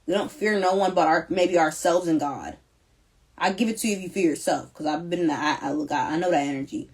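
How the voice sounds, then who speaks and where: A woman's voice: on the low side, brisk, husky. A young woman doing a live collective tarot reading, talking in an emphatic, slangy, repetitive and emotional way. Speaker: tarot reader.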